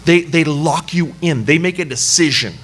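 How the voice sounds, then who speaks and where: Bright-voiced man telling a sermon story. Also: on the high side, normal speed. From Canada. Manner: animated, self-deprecating storytelling with laughs. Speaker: pastor. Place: church service.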